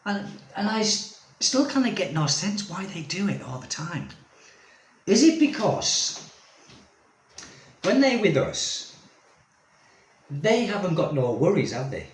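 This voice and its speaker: A man's voice: high-pitched, big pitch swings, slow pace, long pauses, slight background noise. A man vlogging as an expat, ranting casually to camera in a rambling, exasperated way full of tag questions. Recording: echoey room.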